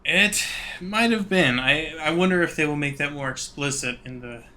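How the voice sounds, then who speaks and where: A man with a very bright, fairly high voice co-hosting a casual book podcast. He weighs his opinions carefully and hedges his points. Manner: measured, hedging. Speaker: podcast co-host.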